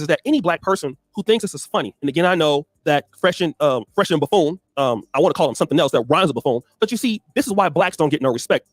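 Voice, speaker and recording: A man's voice: high voice, dry recording. A man giving impassioned, emphatic commentary in a preachy manner, recorded close and dry. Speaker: commentator in a played clip.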